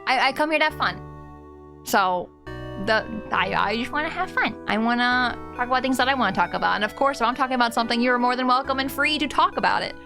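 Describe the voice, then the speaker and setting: A game streamer with a fairly high, fast voice chats casually and emotionally with her live viewers, speaking right to her chat. Faint game music plays underneath.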